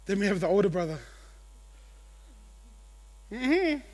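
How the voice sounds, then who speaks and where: A man preaching a sermon to his church, animated, acting out the voices of the people in his story. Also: high voice, moderate pace. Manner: animated, acts out quotes, laughs at own jokes. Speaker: pastor.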